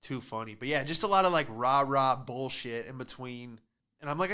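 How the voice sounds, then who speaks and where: A man's voice: medium pitch, expressive, fairly quick, pushed and bright, smooth. Sarcastic ranting young man comic. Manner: ranting, sarcastic, acts out voices. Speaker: podcast host and stand-up comic. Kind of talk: casual comedic monologue.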